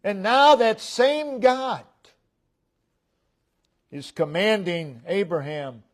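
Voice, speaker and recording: Slow, deliberate preaching fills a church sanctuary as a male pastor works through his sermon. He softens and lowers his voice at phrase ends, lifting it for emphasis.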